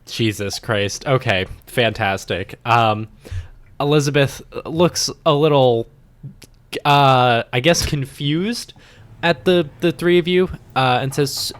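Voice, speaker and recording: A man narrating as game master, unhurried and full of pauses and fillers. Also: mid-range voice.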